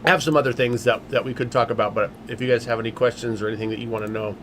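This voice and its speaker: A man's voice: medium pitch, steady tone, rapid-fire, background noise. Rambling male livestream host. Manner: rambling, many fillers and restarts. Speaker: livestream host, game company owner. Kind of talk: casual livestream chat.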